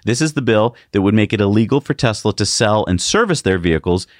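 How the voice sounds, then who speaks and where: Lively, sarcastic lower-voiced man co-host. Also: fast, no room sound, studio quality. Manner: sarcastic, animated. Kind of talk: casual news chat.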